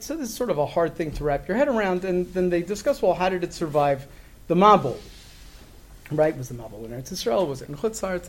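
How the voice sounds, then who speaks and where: Halting, reflective middle-aged man. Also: a little high, a little mellow. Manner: halting, frequent fillers and restarts; reflective, earnest. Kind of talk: conversational storytelling.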